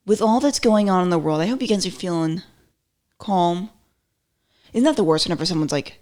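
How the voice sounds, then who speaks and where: A woman hosts her own podcast in a loose, rambling commentary, full of "like"s and self-corrections. Her voice sits a little low for a woman. She jumps between playful asides and mock-indignant quotes. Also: lively intonation, brisk, long pauses, a little mellow. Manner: chatty, rambling, self-interrupting with lots of "like". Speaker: podcast host. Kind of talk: casual solo commentary.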